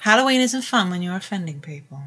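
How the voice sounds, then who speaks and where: A woman co-hosting a podcast, chatting in an easygoing, agreeable way and chuckling often. Her voice is bright and pitched in the middle. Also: lively intonation, quick pace. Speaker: podcast co-host. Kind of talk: casual chat.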